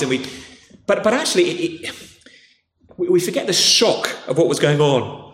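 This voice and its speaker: A man's voice: on the high side, fairly quick, a bit bright. A man with a posh English accent preaching a sermon in a conversational way, often restarting and saying "okay". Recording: echoey hall.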